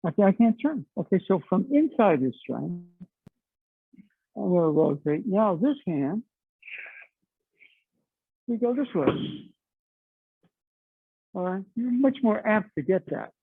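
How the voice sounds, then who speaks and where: A man's voice: high voice, very animated, slow pace, gravelly, long pauses, breathy edge, no echo. A middle-aged man teaching a martial arts class, explaining chattily with lots of "okay" and "you know.". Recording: dry, tinny phone-like sound.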